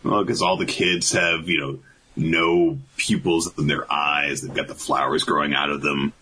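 A man's voice: rumbling low, normal speed, slight background noise, poor audio. A man casually recapping a comic chapter on a podcast, acting out the characters as he goes. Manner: animated retelling, acts out characters. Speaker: podcast co-host.

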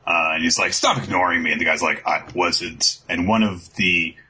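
A man's voice: deep voice, normal speed, bright, forceful tone, a little hiss or hum, poor audio. A man co-hosting a casual podcast, recapping a manga chapter with lots of hesitant fillers.

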